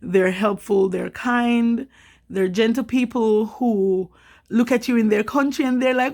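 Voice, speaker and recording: A woman from Jamaica, vlogging in an emotional, rambling way and getting animated when she quotes people. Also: a little high, unhurried. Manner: rambling, upset, animated when quoting others. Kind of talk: emotional personal vlog.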